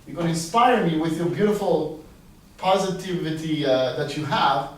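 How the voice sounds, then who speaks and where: A man's voice: fairly high pitch, moderate pace, lightly acted. A man voicing a bad-tempered, commanding king, heard from a distant mic in a very echoey space. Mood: excited. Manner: loud and demanding.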